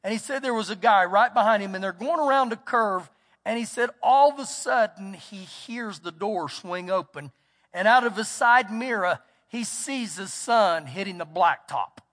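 A pastor, his voice sitting high with lively intonation and a slightly bright quality, delivers an emphatic sermon at moderate speed. Storytelling as he goes, he performs the quotes and repeats words for stress; the church hall lends a long reverb.

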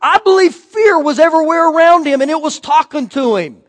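A man's voice: very high-pitched, a little fast. A male pastor giving a sermon, telling folksy personal stories and acting out the voices of the people in them. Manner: folksy storytelling with animated quoted voices. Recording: long hall reverb.

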